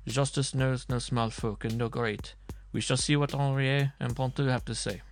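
A man voicing a stern medieval judge who speaks with ominous calm. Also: mid-range voice, soft background music, lightly acted. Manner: calm, measured, cutting.

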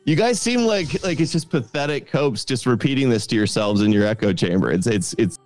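Brief: male debater, blunt and dismissive, middle pitch, faint music underneath. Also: lively intonation, fairly quick, a little mellow, no room sound. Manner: scornful and blunt. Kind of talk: debate call-in.

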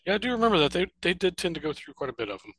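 A podcast co-host in casual chat who chimes in with short replies and quick jokes. The voice is bright and its pitch moves a lot. The sound is dry, with no room echo. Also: big pitch swings, husky. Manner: short responses and quick quips.

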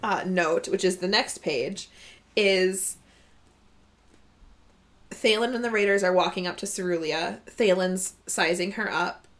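A woman's voice: lowish voice, unhurried, long pauses, a bit bright. A woman co-hosting a casual book discussion, giggly and enthusiastic as she goes through her notes. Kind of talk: casual chat.

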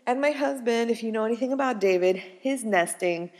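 A young woman vlogger chatting to her viewers, telling a personal story in a lively, rambling way, laughing often and saying "like" a lot. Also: a little high, a little fast, in a large hall.

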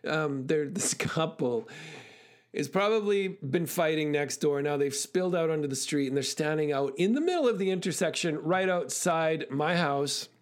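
A man with a slightly raised voice gives a motivational talk. He tells stories animatedly, rushing through phrases with frequent fillers and restarts. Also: a little high. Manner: animated storyteller, fast bursts, frequent fillers. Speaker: speaker.

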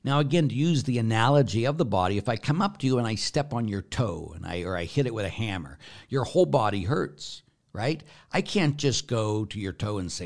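A man's voice: lowish voice, expressive, brisk, a little mellow. A man, a Catholic priest, answering viewer questions in a conversational teaching manner, asking himself questions and answering them. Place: broadcast to viewers.

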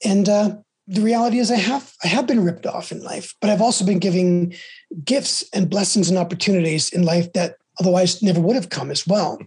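Host, female, very husky, slightly low, frank rambling talker. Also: brisk, darkish tone. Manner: frank, rambling storytelling with many restarts. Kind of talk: candid conversation about recovery.

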